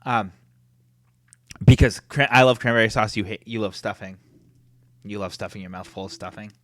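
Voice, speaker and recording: A young man chats casually on a podcast, animated and opinionated and quick to swear. His voice sits a little low. The close mic gives a dry sound with no room echo. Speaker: podcast co-host. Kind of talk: casual chat.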